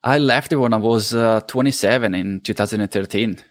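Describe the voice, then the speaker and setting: A man in his thirties from Italy with an Italian accent, a guest in a casual interview, speaking in a halting way with many restarts. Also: on the low side, no echo.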